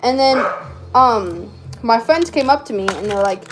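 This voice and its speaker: A woman's voice: medium pitch, a little slow, faint music behind. A teenage girl telling a rambling, slangy story while crafting, with lots of fillers and laughs. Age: teens. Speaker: vlogger.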